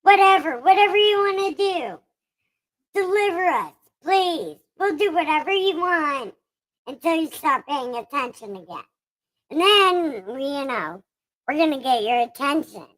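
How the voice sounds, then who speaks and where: A woman doing a high, whiny, groveling sinner. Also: animated, measured pace, fairly bright tone, poor audio. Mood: pleading. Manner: whining, pleading, self-pitying. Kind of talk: irreverent comic scripture reading.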